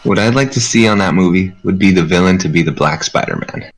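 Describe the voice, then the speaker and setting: A man's voice: low voice, quick pace, creaky, poor audio. A man co-hosting a casual movie podcast, laid-back and agreeable, often answering with "yes, sir". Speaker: podcast co-host. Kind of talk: casual movie news chat.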